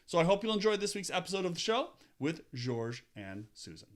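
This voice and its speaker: A man's voice: sits high, very animated, brisk. A man hosting a podcast, reading an upbeat intro and then chatting casually with his guests, stressing key words with big rises. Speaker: podcast host. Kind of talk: podcast intro and interview chat.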